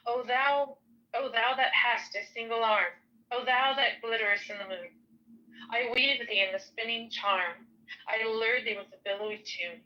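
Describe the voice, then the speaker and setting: A woman's voice: fairly high pitch, bright, forceful tone. Woman reading archaic text solemnly, lo-fi. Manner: slow solemn recitation with stumbles over names. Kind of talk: reading a ritual text aloud.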